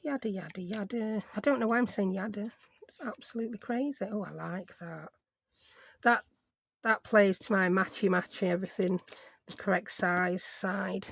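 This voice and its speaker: A woman's voice: mid-range voice, normal speed, creaky, fairly bright tone. A woman chatting casually and rambling as she thinks aloud through a craft project. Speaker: craft vlogger. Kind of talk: casual chat while crafting.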